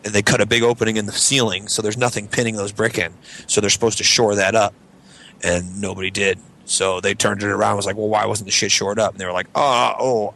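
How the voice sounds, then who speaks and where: A man's voice: lowish voice, sharp tone, slight background noise. A young man telling a rambling, profane story on a casual group podcast, acting out the voices of the people in it. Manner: rambling, profane, acts out voices in his stories. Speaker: podcast co-host.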